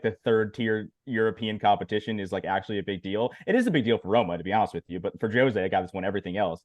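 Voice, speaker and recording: A man co-hosting a casual soccer podcast, talking with lots of fillers. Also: lowish voice. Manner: fast, filler-heavy. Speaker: podcast co-host. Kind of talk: casual chat.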